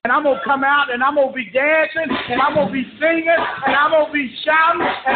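A man preaching a fervent sermon, repeating phrases and shouting, heard over a conference call. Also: very high voice, fairly even intonation, normal speed, very noisy. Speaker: pastor. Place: church service. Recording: echoey, tinny conference-call line.

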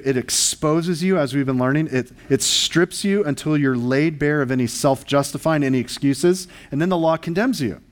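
A man preaching a conversational sermon, explaining scripture and changing his pace for emphasis. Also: fairly high pitch. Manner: conversational teaching, shifts pace for emphasis, occasional restarts. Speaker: pastor.

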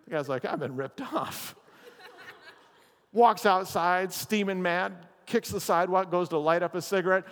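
A man preaching a chapel sermon as a pastor, telling a story with lively acted-out lines. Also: high voice, measured pace, big-room sound. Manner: animated storyteller, acts out characters' lines. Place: chapel or meeting hall.

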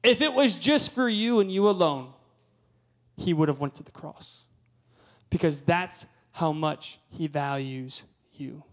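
A man's voice: a little high, a little slow. Emphatic storytelling preacher, a man. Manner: storytelling, rising to emphatic peaks. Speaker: guest preacher. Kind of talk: sermon.

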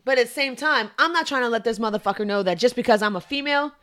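A young woman co-hosting a podcast, telling a story in casual chat, animated and profane. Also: on the high side, fast talker. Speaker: podcast co-host.

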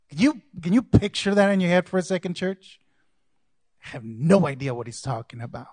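A man, a pastor, preaching a sermon to his congregation, going from quiet asides to loud calls and acting out quoted lines. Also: sits high, lively intonation, fairly quick, dry recording. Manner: acts out characters' lines in quoted voices.

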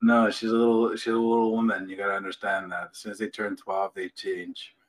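A man's voice: fairly low pitch, little pitch movement, fairly quick, poor audio. A man in his thirties, a podcast guest, chatting casually with teasing humor about family. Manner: joking, teasing storyteller. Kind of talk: casual chat.

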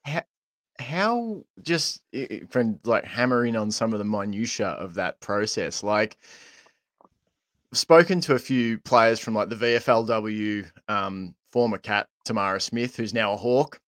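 A man hosts a casual podcast interview, asking long questions that stop and restart. His voice is on the low side. The sound is dry and close, with no room around it. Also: animated, a bit bright, no echo. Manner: rambling, halting questions. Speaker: podcast host.

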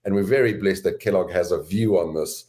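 A man with a lowish voice answers interview questions as a guest author and sales educator. He explains his points in a measured, deliberate way. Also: warm tone.

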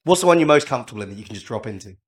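A man hosting a casual podcast interview, firing off quick questions and teasing his guest with plenty of laughter. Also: medium pitch, lively intonation. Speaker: podcast host.

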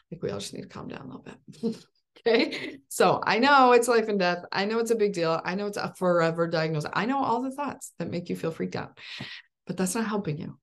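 Woman in her forties, life coach, video call, gravelly low voice, upbeat, rhetorical questions. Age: 40s. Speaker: life coach hosting a support group call. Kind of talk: encouraging coaching talk.

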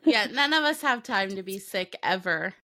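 A woman's voice: mid-range voice, lively intonation, normal speed, sharp tone. Giggly woman host. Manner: giggly, laughs often. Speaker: podcast host. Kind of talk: casual podcast chat.

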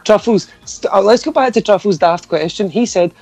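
A young Scottish man hosts a loose, jokey chat, his voice sitting a little high for a man. He teases the others, laughs easily and swears without a second thought. Soft music plays behind him. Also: moderate pace, creaky, dry recording. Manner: teasing, laughs often, swears freely. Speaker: podcast host. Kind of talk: casual banter.

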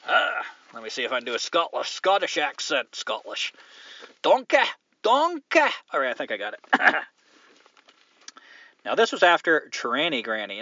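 A man's voice: medium pitch, sharp tone, no room sound. Blunt, profane male podcast host. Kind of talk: casual solo podcast rant. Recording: dull lo-fi dry sound.

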